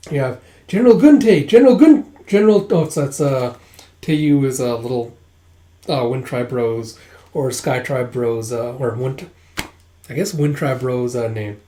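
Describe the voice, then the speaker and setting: A man's voice: medium pitch, unhurried, warm tone. A man casually reading a comic aloud, narrating scenes and dialogue in a loose, rambling way with "it's like" asides. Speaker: comic read-through host. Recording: echoey room.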